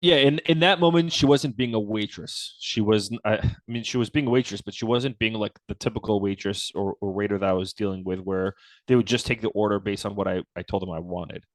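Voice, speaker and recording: Man telling a sales story, low dry voice. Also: brisk, no echo. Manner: relaxed storyteller, acts out quoted dialogue with lively pitch jumps. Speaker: guest, company founder. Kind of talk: storytelling in a casual interview.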